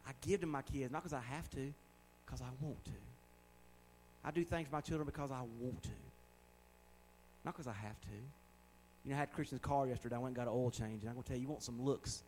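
A man's voice: mid-range voice, quick pace, a little mellow, slight background noise, low-quality recording. A man in his forties preaching a sermon in a conversational way, with joking asides and words repeated for emphasis. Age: 40s. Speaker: pastor.

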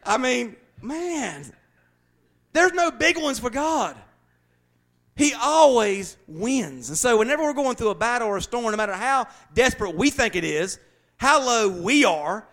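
Southern male preacher, high-pitched, folksy, emphatic bursts and soft asides. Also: animated, normal speed. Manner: folksy, joking asides with frequent laughter; swings from loud emphatic bursts to quiet, low asides. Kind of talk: sermon.

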